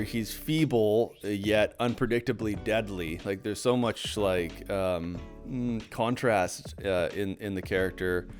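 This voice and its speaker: Young male co-host, low voice, loose filler-heavy chat over faint music. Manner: rambling, many fillers and restarts. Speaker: podcast co-host. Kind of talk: casual film chat.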